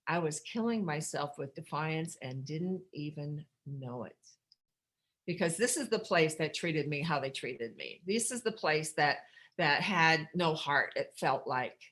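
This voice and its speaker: A middle-aged American woman speaking at a recovery workshop, telling her own story in a candid, rambling way with dark humor and many restarts. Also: low-pitched, animated, measured pace. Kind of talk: personal storytelling share.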